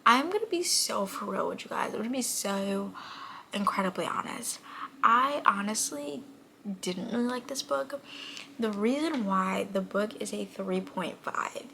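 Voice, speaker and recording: A young woman from New York State chatting casually as a book vlogger, gushing and often dropping into a soft whisper. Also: medium pitch, lively intonation, a little slow, vocal fry, a little hiss or hum. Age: young adult. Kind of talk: casual chat.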